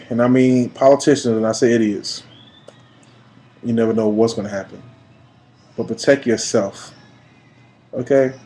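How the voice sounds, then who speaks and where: In a roughly recorded personal video, a New York man in his late thirties preaches emphatically, his medium-pitched voice swinging between quiet and loud passages.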